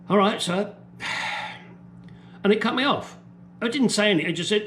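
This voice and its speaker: A man's voice: high voice, a little slow, long pauses, fairly bright tone, a little hiss or hum. A man from the UK delivering an angry, profane opinion rant as a vlogger.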